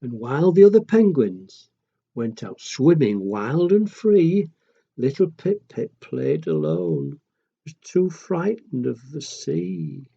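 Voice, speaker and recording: A man reading a children's picture book aloud in a gentle, chatty way and asking the listeners questions. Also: a little high, big pitch swings, slow, creaky, husky. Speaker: storyteller. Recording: dull lo-fi recording.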